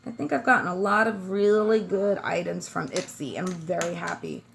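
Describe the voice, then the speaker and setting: A woman's voice: fairly low pitch, moderate pace, creaky, a little hiss or hum. A woman from Brooklyn with a New York accent touched by a slight Southern twang, chatting casually as she does her makeup at home. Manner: chatty, talks while applying makeup, drifts off topic. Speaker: beauty vlogger. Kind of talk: casual makeup tutorial chat.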